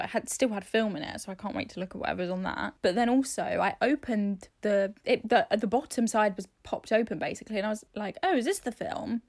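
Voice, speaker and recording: A woman, co-hosting a casual chat podcast, telling stories with frequent swearing and laughter. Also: on the high side. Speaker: podcast co-host.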